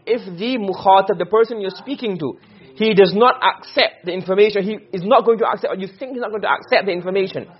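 A man with a high, slightly husky voice teaches a class at a fast clip. He keeps stopping to check that his students understand. The recording sounds dull and lo-fi. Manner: quick explanations with frequent checks for understanding. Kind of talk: classroom lesson.

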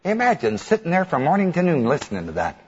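Male preacher, animated storyteller, lively pitch, long-reverb hall, lo-fi tape. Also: fast, background noise. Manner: animated storytelling, chuckles, mimics chants. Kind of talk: sermon. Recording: dull old hall recording.

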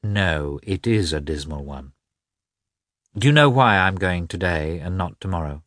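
A man reading the part of an emotional, tearful young noblewoman, his voice lifting high and tremulous as she confides. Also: expressive, measured pace, a bit bright, no echo, clean studio sound. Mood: earnest, tearful.

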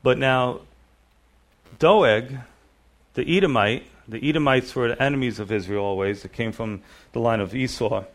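A pastor giving a relaxed evening Bible sermon, retelling the story casually with lots of "you know.". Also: male voice, mid-range voice, moderate pace.

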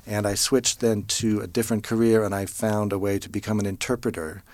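Low-pitched American man in his fifties, measured and thoughtful, pausing with fillers, dry recording. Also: level tone, darkish tone, no echo. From United States. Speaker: interview guest, interpreter. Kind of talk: relaxed storytelling in an interview.

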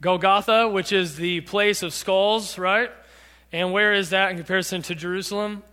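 A man preaching a sermon as pastor, dramatic, acting out quotes and rising to shouts. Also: high-pitched, steady tone, moderate pace, clear, resonant tone. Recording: long reverb of a large hall.

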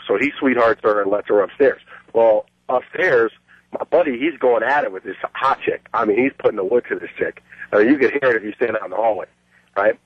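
A man's voice: medium pitch, fast talker, slightly rough, no room sound. A brash, boastful middle-aged man calling in to a radio show and telling a long story. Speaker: caller. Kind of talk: phoned-in storytelling. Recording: muffled phone line.

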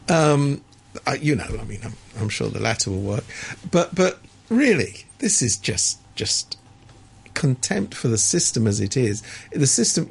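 A man's voice: medium pitch, vocal fry, slightly rough. A man giving sardonic, opinionated commentary in a radio studio, stammering and restarting as he talks.

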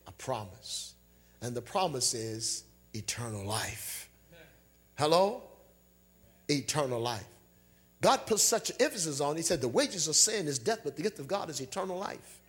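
A man preaching a sermon, calling for amens, repeating phrases and rising at times into a half-sung delivery. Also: a little high. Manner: call-and-response preaching, rising to near-song. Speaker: pastor.

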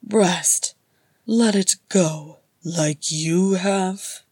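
Woman voicing a harsh raspy old dwarf man, loud and breathy, full of guilt; storybook reading. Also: fairly low pitch, drawn-out words, dry recording, heavily acted. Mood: bitter. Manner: anguished, loud, biting.

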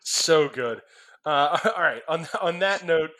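A man hosting a casual sports chat, laughing often and tossing in quick asides. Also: a little high, animated, fairly bright tone. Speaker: host.

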